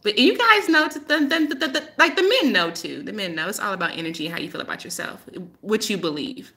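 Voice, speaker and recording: A woman's voice: medium pitch, expressive, fast talker, pushed and bright. A woman hosting a casual live-stream chat as a spiritual healer, rambling and laughing often as she tells stories.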